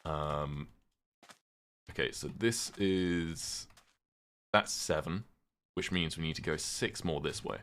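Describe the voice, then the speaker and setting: A man's voice: a bass voice, slow, pauses often, a bit bright. A man streaming a game, rambling in casual chat and often laughing at himself. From United Kingdom. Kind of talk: casual livestream chat while playing a game.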